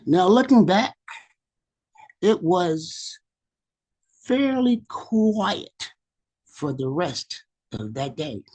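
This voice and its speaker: Slow, husky-voiced male poet. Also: sits high, very animated, a little mellow, poor audio. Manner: measured, dramatic delivery. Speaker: featured poet. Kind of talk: performance poetry reading. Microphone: video call.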